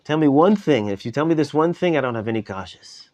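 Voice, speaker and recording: An elderly holy man pours out his anguish to God, his voice climbing high and loud, as a male teacher acts him out. The pleading is impassioned and insistent, rising in pitch line after line. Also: animated, quick pace, natural voice. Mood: tearful entreaty.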